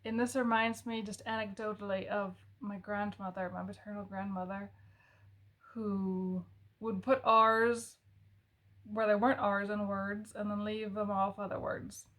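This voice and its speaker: Slow, musing woman recommending a book. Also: medium pitch, level tone, fairly bright tone. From American South family. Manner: thoughtful, musing, with fillers and self-corrections. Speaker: book reviewer. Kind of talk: casual book recommendation talk.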